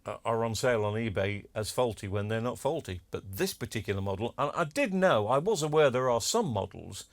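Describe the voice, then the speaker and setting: Male, repair vlogger, chatty and cheeky, mid-pitched, dry room. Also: lively intonation, brisk, few pauses, dry recording. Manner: chatty, self-deprecating, cheeky asides. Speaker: electronics repair video maker. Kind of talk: casual demo talk to camera.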